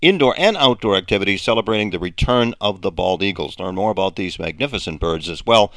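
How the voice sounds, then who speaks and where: A man's voice: low-pitched, animated, quick pace, a bit bright, dry recording, clean studio sound. A man hosting a local radio show, talking casually with many fillers and restarts. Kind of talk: casual radio talk and announcements.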